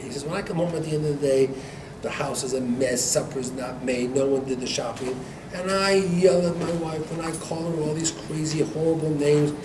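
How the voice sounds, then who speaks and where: Animated rabbi telling a joke in class. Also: male voice, on the high side. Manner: animated joke-telling, acting out dialogue, laughs often. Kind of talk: storytelling Torah class. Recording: echoey room recorded from far off, noisy.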